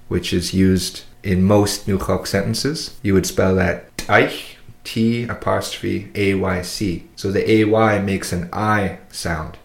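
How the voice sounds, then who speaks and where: A man giving a patient pronunciation lesson, modelling each sound slowly and carefully for a learner to repeat. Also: deep voice. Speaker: language teacher. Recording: roomy echo.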